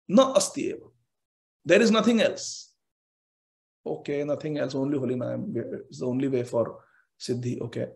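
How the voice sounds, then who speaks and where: A man with a fairly high voice teaches from scripture in an online class, speaking briskly and emphatically. He repeats phrases three times to hammer a point home and occasionally chants Sanskrit verses.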